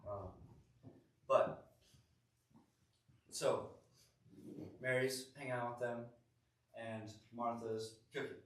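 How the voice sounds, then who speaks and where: A man's voice: medium pitch, steady tone, takes it slowly, long pauses. A young man leading a youth group sermon in a church room, chatty and rambling with many self-corrections. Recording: echoey room, distant mic.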